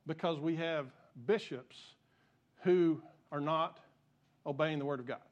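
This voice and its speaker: A man's voice: fairly high pitch, unhurried, muffled recording. A pastor preaching a sermon to his congregation, impassioned and repeating himself as he gets fired up. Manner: repeats and restarts phrases. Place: church sanctuary.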